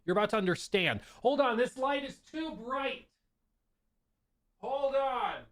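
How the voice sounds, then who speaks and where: A man's voice: very high-pitched, expressive, unhurried, fairly bright tone. A man hosting a casual gaming livestream from his home streaming room, rambling, stumbling over his words and laughing at himself. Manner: rambling and giggly, with stumbles and self-deprecating laughs. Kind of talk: casual live-stream chat.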